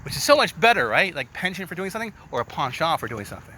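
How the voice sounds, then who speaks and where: Bright-voiced middle-aged man, chatty host. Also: a little high, very animated, rapid-fire, a little hiss or hum. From Maine. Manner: laughs often at his own jokes. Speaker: podcast host. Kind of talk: casual chat.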